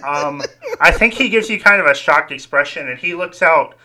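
Bright-voiced man running a tabletop game. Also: fairly high pitch, normal speed, a little hiss or hum. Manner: relaxed, rambling, hedging. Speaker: game master.

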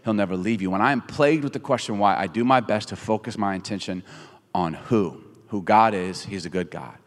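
A man's voice: fairly low pitch, fairly quick. A middle-aged man preaching a sermon in a large theater, telling jokes and acting out quotes with lots of energy. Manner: animated storytelling with jokes and acted-out quotes. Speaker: pastor. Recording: long reverb of a big theater hall.

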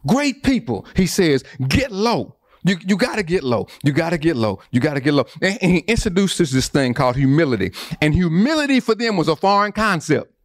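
A man's voice: fairly high pitch, sing-song, quick pace, few pauses, no echo. A man preaching a sermon, repeating phrases and building emphasis. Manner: preaching with repetition and rising emphasis. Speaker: pastor.

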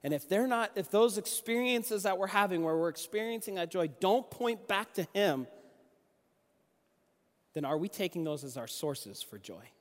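Young man, preaching, storytelling, slightly high voice, echoing hall. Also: moderate pace. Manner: conversational, animated storytelling with restarts. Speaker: youth pastor and junior high basketball coach. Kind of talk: sermon with personal stories.

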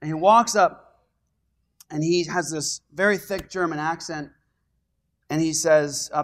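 Man, pastor, high voice, animated sermon storytelling, congregation address. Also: a little slow, pauses often. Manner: animated storytelling, rising loud when excited.

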